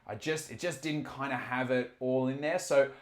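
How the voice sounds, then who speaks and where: A man hosting a casual live stream, talking in quick bursts, swearing and restarting his sentences. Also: mid-range voice, reverberant. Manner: animated, swearing, self-interrupting. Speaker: stream host reading chat. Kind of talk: casual chat.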